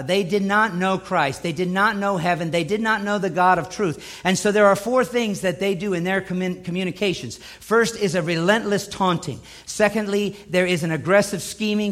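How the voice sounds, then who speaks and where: A man's voice: sits high, a bit bright. A man preaching a sermon, emphatic and driving home points with repetition.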